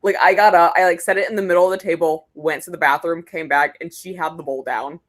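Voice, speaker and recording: A young woman with a somewhat low voice hosts a relaxed reading livestream. She chats casually and greets viewers by name one after another, with an easy, conversational flow. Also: fast talker. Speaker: readathon livestream host.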